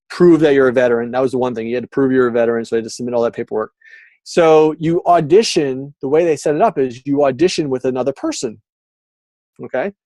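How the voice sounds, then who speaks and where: A man's voice: medium pitch, dry recording. A middle-aged man from Massachusetts, telling a personal story in casual chat as a guest speaker on a video call, acting out the dialogue. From Massachusetts, USA. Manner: animated, acts out quoted dialogue.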